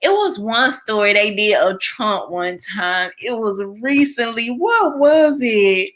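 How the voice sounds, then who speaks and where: Slow-talking, bright-voiced woman streamer. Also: a little high, expressive. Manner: chatty, lots of fillers, reads viewer comments aloud. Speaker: live-stream host. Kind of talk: casual live-stream chat with viewers.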